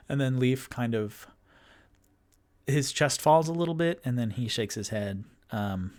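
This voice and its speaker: A man's voice: medium pitch, unhurried, darkish tone. A man narrating a solo tabletop game as game master, meandering with many ums and restarts. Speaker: game master and sole player.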